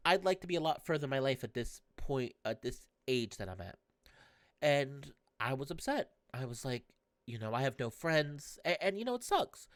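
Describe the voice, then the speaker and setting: A woman commenting candidly on a story game, talking in a halting, emotional way with many restarts. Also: deep voice, dry recording, clean studio sound. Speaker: gamer playing a visual novel.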